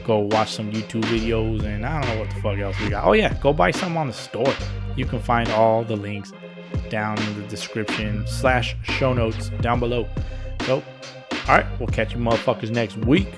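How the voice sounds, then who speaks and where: A man hosting a casual solo sports podcast, talking in a rambling, laid-back monotone with some sarcasm and swearing. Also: on the low side, moderate pace, over music. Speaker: podcast host.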